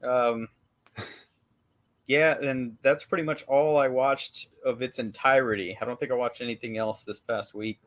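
A man's voice: mid-range voice, fairly even intonation, measured pace, a bit bright. A man co-hosting a podcast, giving a rambling, laid-back movie recap in casual chat. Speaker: podcast co-host.

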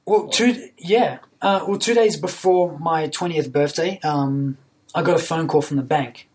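A young man, a podcast guest telling his story in an earnest, halting way, often repeating words. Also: on the high side, darkish tone. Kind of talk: casual storytelling.

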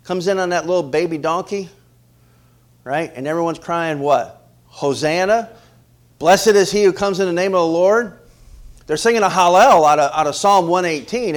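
A middle-aged male pastor with a slightly high voice preaches an animated sermon. He repeats words often and puts questions to the congregation.

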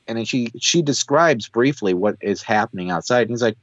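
A man's voice: medium pitch, fairly quick, no echo, dull audio. A man co-hosting a podcast, animatedly recapping a TV episode and acting out what the characters say. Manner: animated storyteller who acts out quoted lines. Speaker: podcast co-host. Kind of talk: casual chat recapping a TV episode.

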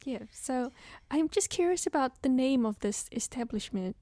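A woman's voice: high voice, animated, moderate pace, warm tone, dry recording. A woman playing a tabletop role-play game who speaks in a hesitant, polite way and uses many fillers. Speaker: player.

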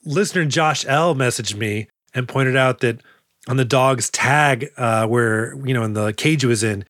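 Guy cohosting a movie podcast, jokey rambling, dry close sound, middle pitch. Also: a little slow, a bit bright, no echo. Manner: jokey, acts out silly voices for characters. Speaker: podcast co-host. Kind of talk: casual movie chat.

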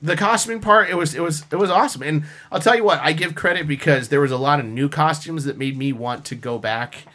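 A man on a casual podcast chat, telling animated stories full of fillers and laughs. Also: on the high side, fast talker, few pauses. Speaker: podcast co-host, costumer.

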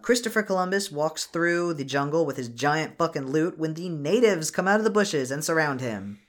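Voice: mid-range voice, expressive, normal speed. A podcast host casually recapping a cartoon movie in a wry, sarcastic way.

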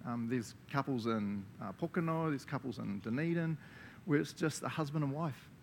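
A man with a New Zealand accent preaching a lively sermon to a congregation, laughing often and acting out the voices he quotes. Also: medium pitch, normal speed, creaky, a little hiss or hum.

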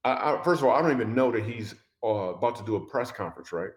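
A man's voice: mid-range voice, fast talker. Roomy-sounding man telling a story. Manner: animated storyteller who acts out quoted dialogue; speaks of faith and following God's voice. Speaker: comedian. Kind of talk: personal storytelling in a conversation.

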